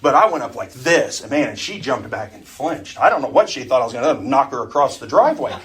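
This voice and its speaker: A man's voice: mid-range voice, very animated, fairly quick, fairly bright tone, a little hiss or hum. A middle-aged man teaching an adult Sunday school class in a conversational way, often putting questions to the group.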